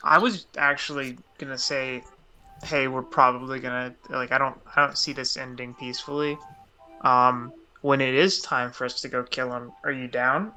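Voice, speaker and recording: A man's voice: mid-range voice, steady tone, moderate pace, pushed and bright, soft background music, low-quality recording. A man playing in a tabletop game, talking casually in a rambling, hesitant way full of fillers. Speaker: player.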